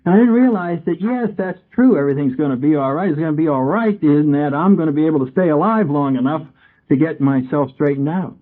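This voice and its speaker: A man's voice: on the high side, a little fast. A man giving an AA talk, telling his story conversationally and acting out his past conversations. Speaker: AA speaker. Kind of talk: recovery talk to a meeting. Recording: tinny, phone-like old tape recording.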